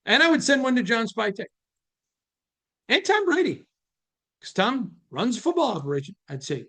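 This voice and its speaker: A man's voice: sits high, very animated, pushed and bright. A man hosting a casual sports talk show, answering viewer questions in an emphatic, joking manner. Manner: emphatic, preachy, quick to joke. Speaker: host.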